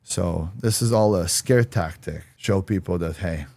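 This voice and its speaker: Blunt, deep-voiced man, dry studio sound. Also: measured pace, gravelly, darkish tone. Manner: blunt, emphatic, swears freely. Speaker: podcast guest. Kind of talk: personal interview storytelling.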